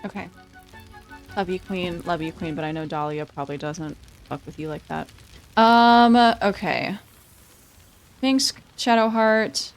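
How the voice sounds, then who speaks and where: A woman's voice: low voice, unhurried, creaky, long pauses, soft background music. A woman streamer giving casual gameplay commentary, chatty, swearing and reading dialogue options aloud.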